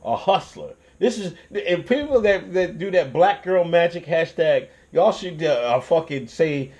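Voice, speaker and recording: Hosting his own channel, a young man with a highish voice talks at an unhurried pace with almost no pauses. His casual commentary is an animated, profane rant full of swearing, restarts and laughter.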